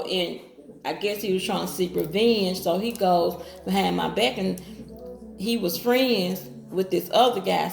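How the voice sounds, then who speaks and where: A woman with a mid-range voice and some vocal fry casually tells her own story straight to viewers, using Southern-style slang. She acts out what other people said, quoting them in her own voice. The room sounds echoey.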